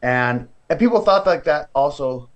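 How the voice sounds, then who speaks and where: A man in his forties, a podcast guest in casual chat, telling stories with lively acted-out quotes while feeding a baby. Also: on the high side, normal speed, lo-fi sound. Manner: animated storyteller who acts out quoted voices.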